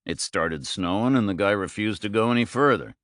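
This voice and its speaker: Man doing a terse, deep ex-military drifter. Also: lively intonation, fairly quick, fairly bright tone, no room sound. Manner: terse and dry. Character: laconic ex-military police drifter, male. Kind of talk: audiobook character voice.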